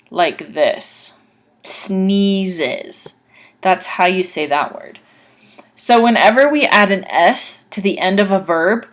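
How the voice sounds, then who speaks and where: A woman teaching an English grammar lesson, carefully sounding out words letter by letter and repeating examples. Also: medium pitch.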